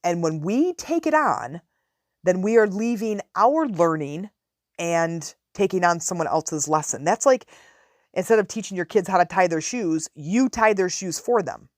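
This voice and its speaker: A woman's voice: on the low side, expressive, measured pace, no echo, clean studio sound. A middle-aged woman hosting a podcast, chatting casually and telling stories with asides. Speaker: podcast host. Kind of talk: casual advice talk.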